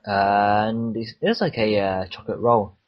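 A man's voice: fairly low pitch, a little slow, dry recording. A young man playing a video game with a friend, chatting casually in a hesitant way, repeating himself and stalling. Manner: hesitant, repeats words, often stalls with "wait". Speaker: game co-player. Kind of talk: casual let's-play chat. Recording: dull lo-fi home recording.

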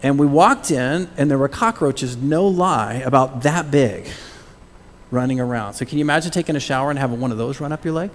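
A man's voice: mid-range voice, a little fast. Man preaching in a reverberant church. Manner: animated, swings from loud calls to hushed whispers; prompts the congregation to say words aloud. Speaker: pastor. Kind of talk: sermon. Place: church sanctuary.

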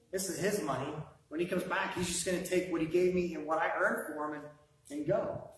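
A man's voice: sits high, steady tone, a little fast. A man preaching a sermon in a conversational way, with asides and rhetorical questions to the congregation. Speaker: pastor. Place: church sanctuary. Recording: echoey room, voice from far off.

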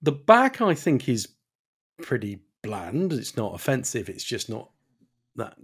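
A man co-hosting a podcast in casual chat, wry and hesitant, pausing often. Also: mid-range voice, sing-song, slightly rough. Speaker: podcast co-host.

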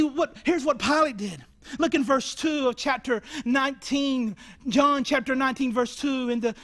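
A man preaching a sermon to viewers, emphatic and rising to shouts on key phrases. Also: very high voice.

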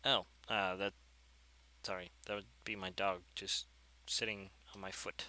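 A man chatting casually over his gameplay, rambling and easily excited. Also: sits low, a little slow, rough recording. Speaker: gameplay video creator.

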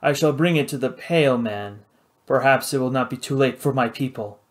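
A man's voice: mid-range voice, normal speed, lightly acted. A man doing a menacing ex-soldier hijacker. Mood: defiant. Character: cold, menacing male ex-soldier hijacker, big and proud. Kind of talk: audiobook character voice.

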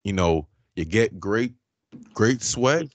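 A man's voice: lowish voice, animated, slow, dry recording. A man co-hosting a podcast, chatting casually and jokingly, with lots of slang. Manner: laid-back and joking, with slang like "man", "bro" and "yous". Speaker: podcast co-host. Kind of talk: casual chat.

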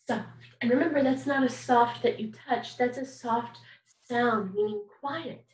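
A woman's voice: fairly high pitch, a little slow, roomy sound, distant mic, poor audio. A woman teaching a kindergarten music lesson, patient and encouraging, asking children questions and singing examples. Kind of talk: recorded online music lesson for young children.

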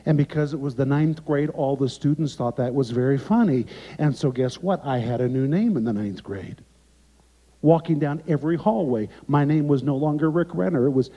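A man's voice: medium pitch, brisk. Dramatic male preacher telling a story. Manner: dramatic, emphatic, with sharp drops to quiet. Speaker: guest preacher. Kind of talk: sermon storytelling. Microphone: remote video recording. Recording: echoey, dull lo-fi sound.

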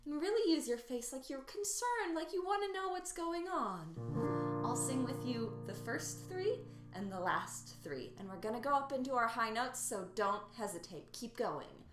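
Woman, singing teacher, slightly scratchy, encouraging, fairly high voice, roomy echo. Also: big pitch swings, normal speed, a bit bright. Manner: encouraging, coaching. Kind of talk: beginner singing lesson. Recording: roomy echo, faint piano. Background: faint piano.

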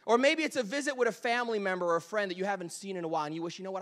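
Man, pastor, sermon, high voice, animated, joking, loud and soft swings. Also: rapid-fire. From Delaware, US. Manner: animated, joking, swings between loud bursts and quiet asides.

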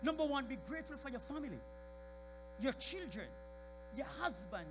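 A man in a church preaching a sermon. His voice rises from quiet talk to shouted high points, and he calls out members of the congregation by name. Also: very animated, normal speed, long pauses, soft background music. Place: church sanctuary.

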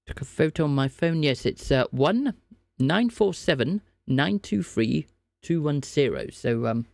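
A man's voice: medium pitch, gravelly, a little mellow, no echo. A man live-streaming a scambaiting call, teasing and playing mock-innocent. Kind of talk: live scam-call banter.

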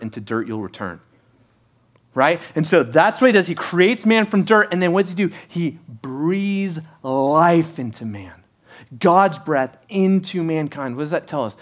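A man preaching a sermon as pastor, talking conversationally and asking the congregation rhetorical questions. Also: on the high side. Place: church sanctuary.

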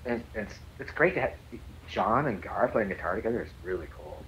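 Man, low voice, husky, casual interview guest, repeats himself, swears, muffled lo-fi sound. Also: sing-song, fairly quick, slight background noise. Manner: rambling, stammers and restarts, swears casually. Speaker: musician guest.

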